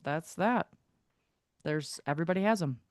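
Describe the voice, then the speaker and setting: A woman co-hosting a casual podcast, rambling through an anecdote with lots of "like"s. Her voice sits a bit low for a woman. The sound is dry and close, with no room around it. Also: lively intonation, normal speed, darkish tone, dry recording. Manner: chatty storyteller, filler-heavy "like". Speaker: podcast co-host.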